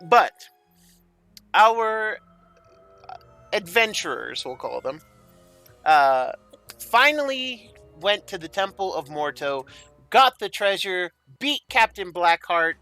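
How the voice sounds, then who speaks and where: Casting: male game master, rambling and upbeat, bright voice. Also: high voice, big pitch swings, takes it slowly, pauses often, faint music behind. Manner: enthusiastic, rambling. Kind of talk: narrating a tabletop game.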